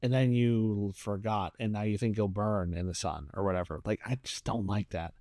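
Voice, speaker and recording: A man chatting casually as a podcast co-host, animated, acting out characters' lines as he talks. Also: fairly low pitch, moderate pace, no echo, studio quality. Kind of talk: casual chat reviewing a series.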